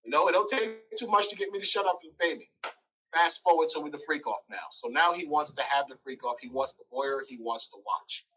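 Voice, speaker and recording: A man's voice: fairly high pitch, fairly quick, recorded from a distance, a little hiss or hum, low-quality recording. Man telling a story from afar. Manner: animated storytelling, acts out quoted lines loudly. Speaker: interview guest.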